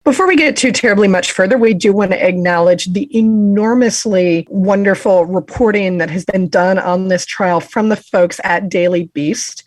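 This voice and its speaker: A woman's voice: medium pitch, moderate pace, hardly any pauses, no room sound. A woman co-hosting a podcast, summarizing a criminal trial in a chatty, self-deprecating way. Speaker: podcast co-host. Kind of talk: casual true-crime discussion.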